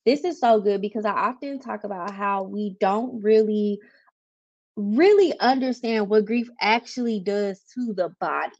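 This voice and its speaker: A woman's voice: mid-range voice, unhurried, darkish tone, highs cut off. A woman hosting a personal podcast, talking candidly and confidingly with listeners and reading short passages aloud from a book. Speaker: podcast host. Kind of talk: casual personal podcast talk.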